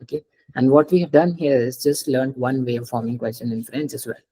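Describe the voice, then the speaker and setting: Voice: medium pitch, brisk, dark tone, husky, rough recording. A French teacher gives a live lesson. The teacher explains step by step, repeats each example and often checks that the student understands. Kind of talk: live online language lesson.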